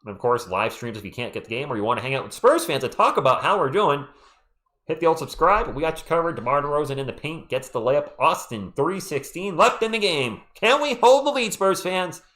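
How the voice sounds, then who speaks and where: A man calling a game live on his stream, bouncing between quick play calls and friendly shout-outs to the chat. His pitch rises and falls all the time, climbing sharply on big plays. His voice is getting worn and thin from talking. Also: expressive. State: losing his voice. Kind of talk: casual live play-by-play commentary.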